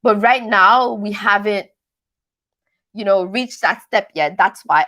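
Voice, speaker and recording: A woman's voice: medium pitch, takes it slowly. A young woman from Quebec with a mixed French-Canadian accent, hosting a casual livestream recap and reading out chat. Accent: Quebecois French-Canadian mix. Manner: chatty, animated, repeats herself often. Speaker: recap show host reading live chat.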